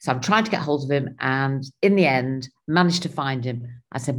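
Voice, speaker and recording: A woman's voice: rumbling low, moderate pace, hardly any pauses. A woman, animatedly telling a personal travel story in casual conversation. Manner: animated, acts out her own and others' lines.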